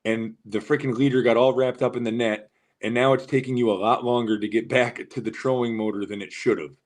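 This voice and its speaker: A man's voice: mid-range voice, steady tone, a little fast. A man on a live fishing show telling long, winding stories that he peppers with swearing. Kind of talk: casual live show chat.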